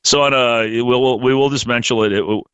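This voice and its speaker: A man hosting a podcast in casual chat, rambling and halting, swearing freely. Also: mid-range voice, fairly even intonation, a bit bright, smooth, no room sound, dull audio. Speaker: podcast host.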